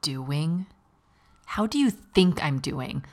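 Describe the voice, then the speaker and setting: A woman's voice: low voice, expressive, slow pace, darkish tone, exaggerated voice. A woman voicing a volatile, angry young woman who is a psychiatric patient in an educational role-play. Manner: hostile, then clingy and pleading.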